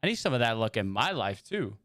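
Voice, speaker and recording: A man's voice: medium pitch, big pitch swings, fairly quick, a bit bright, no room sound, clean studio sound. Chatty young man streaming a game. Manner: rambling, chatty, greets and answers viewers. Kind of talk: casual livestream chat while gaming.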